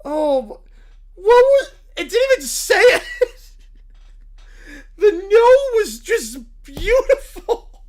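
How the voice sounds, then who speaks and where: A man hosting a live reaction stream, excitable and laughing often, talking into a desk microphone. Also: extremely high pitch, slow pace, long pauses. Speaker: streamer host.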